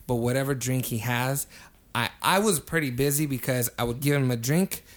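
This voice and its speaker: A young man telling a story in casual podcast chat, animated, swearing freely and getting loud when acting out quotes. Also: medium pitch, moderate pace. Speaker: podcast co-host.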